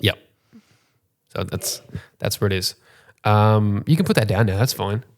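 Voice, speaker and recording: A young man co-hosting a casual podcast, dry and teasing, who jumps into higher voices when he quotes people. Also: unhurried. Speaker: podcast co-host. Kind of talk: casual chat.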